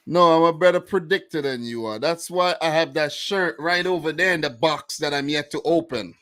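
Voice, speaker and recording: A man's voice: fairly high pitch, normal speed, a bit bright, no echo. A young man with a New York accent hosting a casual football chat, laid-back and slangy, often repeating himself. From United States. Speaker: football podcast host.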